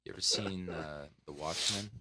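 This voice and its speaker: A man's voice: low-pitched, moderate pace, noisy background. A man co-hosting a late-night podcast, telling rambling stories full of "like" in a casual chat. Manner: rambling storyteller, lots of "like". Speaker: podcast co-host.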